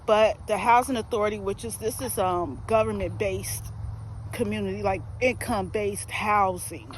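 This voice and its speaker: A woman's voice: medium pitch, normal speed, a little hiss or hum, poor audio. A woman talking earnestly and emotionally in a casual vlog, with fillers and restarts, filmed outdoors on a phone. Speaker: vlogger. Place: outdoors near a residential field.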